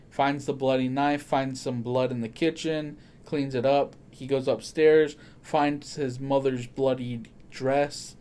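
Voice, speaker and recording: A man hosting a casual horror podcast. He talks in an excitable way, swears freely and often corrects himself mid-sentence. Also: mid-range voice. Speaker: podcast host.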